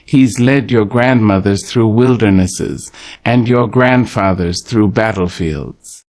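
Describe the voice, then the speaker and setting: Deep-voiced man reading a poetic prayer. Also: a little mellow. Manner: slow, rhythmic, preacherly delivery with pauses; tender, pastoral address to the listener. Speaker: prayer narrator. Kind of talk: poetic morning prayer narration.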